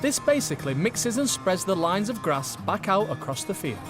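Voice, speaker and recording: A man with a northern English Oldham accent narrates a documentary voice-over in a measured, storytelling way. His voice rides high for a man, with a lively, swooping melody. A clear music bed plays under the narration. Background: background music.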